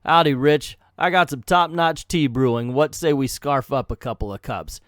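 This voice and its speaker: A man's voice: mid-range voice, moderate pace, fairly bright tone, no room sound, clean studio sound, natural voice. A man reading aloud as a cheerful young male martial arts student with a folksy manner of speech, from a comic book. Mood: friendly. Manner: friendly, folksy.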